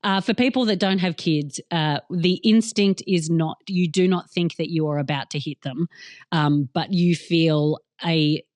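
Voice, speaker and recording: Australian woman comedian guest, lowish voice, candid, self-mocking, laughs a lot, no room echo. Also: unhurried, darkish tone. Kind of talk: casual podcast chat.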